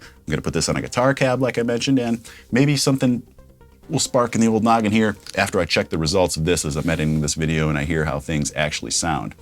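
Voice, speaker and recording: A man hosting a casual microphone review in his home studio, repeating test phrases as he checks his levels. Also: sits low. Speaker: YouTube host reviewing microphones. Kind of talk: casual gear review with mic tests. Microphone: studio condenser microphone.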